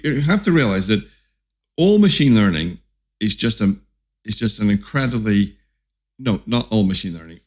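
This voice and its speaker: Lower-voiced man, halting animated explainer. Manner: many restarts and repeated words, animated. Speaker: company founder, podcast guest. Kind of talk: casual interview talk.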